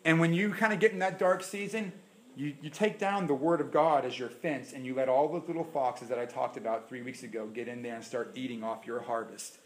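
A man preaching a sermon in church, acting out quoted prayers and swinging between loud bursts and hushed asides. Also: a little high. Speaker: pastor.

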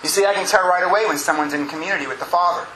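A man's voice: high-pitched, very fast, a crowd in the background. A male pastor preaching a sermon to his congregation, emphatic, drawing out phrases and repeating himself. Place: church sanctuary with congregation. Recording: echoey room.

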